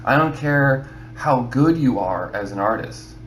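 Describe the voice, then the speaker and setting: A man's voice: medium pitch, expressive, measured pace, fairly bright tone, a little hiss or hum. Rambling man in an echoey room. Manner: rambling, repeats himself, many "you know"s. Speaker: artist giving advice. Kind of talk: casual advice talk to camera.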